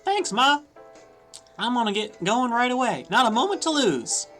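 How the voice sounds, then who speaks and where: A streamer does a plucky young cow girl straight out of a cartoony fighting game. Her voice jumps high and bouncy, full of wide swoops. Faint game music plays underneath. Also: very animated, normal speed, a bit bright. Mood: eager. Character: eager brave young cow girl, a calf. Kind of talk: let's-play dialogue reading.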